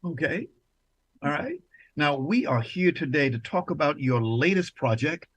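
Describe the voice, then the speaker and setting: A man's voice: on the high side, animated, measured pace, a bit bright, no room sound. A man hosting an interview show, effusive and repeating his praise. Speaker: talk show host.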